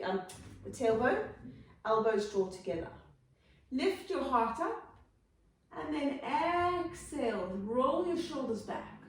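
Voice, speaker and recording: A South African woman leading a yoga class, giving calm, encouraging cues and gentle options. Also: fairly high pitch, a little hiss or hum. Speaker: yoga instructor. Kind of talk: guided yoga class instruction. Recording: very echoey room, from a distance.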